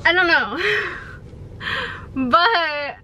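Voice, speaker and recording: A woman's voice: sits high, drawn-out words, pushed and bright, highs cut off, slight background noise. A young woman vlogging casually, chatty and giggly, talking with a slight lisp from her retainers. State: pregnant. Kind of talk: casual vlog chat.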